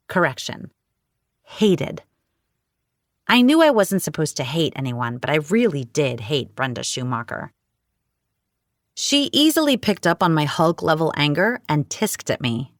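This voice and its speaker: A woman narrating a romance audiobook in the first person, with wry, expressive storytelling. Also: lowish voice, measured pace, no room sound, studio quality.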